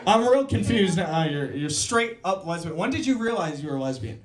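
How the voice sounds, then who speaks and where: On a club stage, a man with a slightly high, expressive voice performs a crude, brash stand-up set. He fires off quick jokes and works the crowd, with the roomy sound of the club around him.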